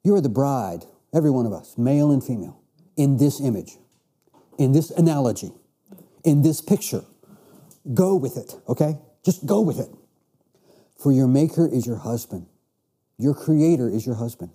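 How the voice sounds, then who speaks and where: Husky, mellow-voiced man teaching scripture. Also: mid-range voice, lively intonation, moderate pace. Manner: reads scripture then explains with emphatic restarts. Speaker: Bible teacher. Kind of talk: classroom Bible lecture.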